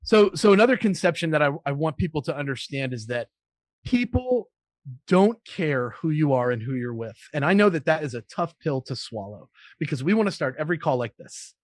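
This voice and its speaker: A man speaking as a sales trainer guest on a podcast interview, energetic and giving advice, acting out sample cold-call openers as he goes. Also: on the high side, fairly quick, no room sound.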